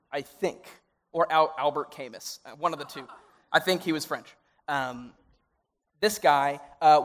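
A man's voice: fairly high pitch, a bit bright. A young adult man, a youth pastor, preaching in a conversational, earnest way that grows emotional and pleading. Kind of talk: sermon. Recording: reverberant hall sound.

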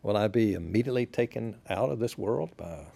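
A man, a pastor, talking as a podcast guest in a relaxed, reflective way, sharing stories unhurriedly and often restarting his sentences. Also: on the low side, fairly quick, creaky, slightly rough. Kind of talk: relaxed conversational storytelling.

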